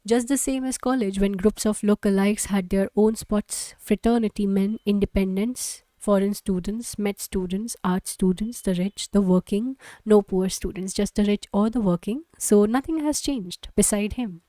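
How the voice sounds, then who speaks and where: A woman reads a novel aloud in a plain, steady way and sometimes stumbles over a word. Her voice is mellow and soft rather than bright. The recording is dry and close, in a quiet room. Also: medium pitch, moderate pace, few pauses, no room sound. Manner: plain, steady reading with occasional slips. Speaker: audiobook reader.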